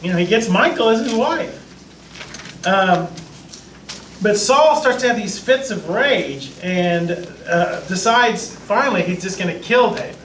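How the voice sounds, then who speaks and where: A man's voice: high voice, measured pace, a little hiss or hum. A man, a pastor, teaching a Bible class in a casual, joking way, acting out what the people in the stories say. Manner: joking, lively, acts out the lines of biblical people. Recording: echoey room, mic far off.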